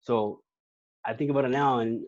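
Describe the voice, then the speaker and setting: A man's voice: medium pitch, steady tone, moderate pace, darkish tone, dry recording, dull audio. A man telling a personal faith story in casual talk as a podcast guest, rambling with many restarts. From California. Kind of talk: casual testimony.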